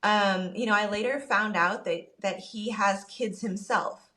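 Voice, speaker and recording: A woman podcast co-host telling a personal story in casual chat, animated and quick to quote what everyone said. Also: medium pitch. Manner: animated, quotes people in her story, rushes when upset.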